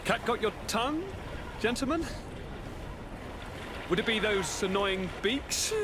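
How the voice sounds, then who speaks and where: A chatty, flamboyant noble governor who is eager to see his new city. His voice sits high and leaps all over the place in a courtly, theatrical way. Loud harbour ambience runs under the game audio. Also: expressive, slow pace, noisy background. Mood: playful. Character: cheerful, flamboyant young noble governor, man.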